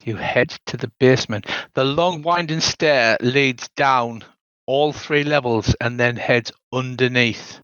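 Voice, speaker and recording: Older British game master narrating a spooky tabletop adventure, dry and slightly muffled call audio. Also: male voice, medium pitch, slow pace, a bit bright, smooth, no room sound.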